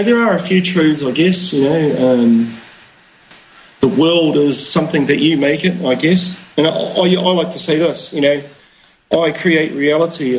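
A man's voice: a little high, poor audio. A man, a guest talking in a rambling, philosophical way with many fillers. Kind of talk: casual conversation.

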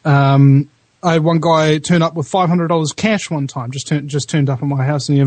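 A man with a New Zealand accent talks casually on his own radio show, his fairly high voice leaping about as he chats. He fills pauses with ums and restarts. The sound is close and dry, from a studio mic at home. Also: dry recording. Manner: animated, quick pitch jumps, frequent ums. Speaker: radio talk show host. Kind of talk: casual chat. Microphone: studio USB microphone.

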